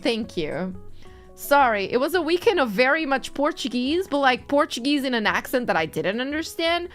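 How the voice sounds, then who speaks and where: Young woman, streamer, casual chat, teasing, laughs a lot, high bouncy voice, soft music behind. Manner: playful, teasing, laughs often. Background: faint background music.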